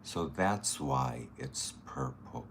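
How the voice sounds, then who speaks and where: Guy with a deep voice doing makeup, slow easy chat, bit of faint room noise. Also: lively intonation, fairly bright tone. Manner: chatty, thinking aloud while working, greets viewers. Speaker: makeup artist. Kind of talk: casual makeup tutorial chat.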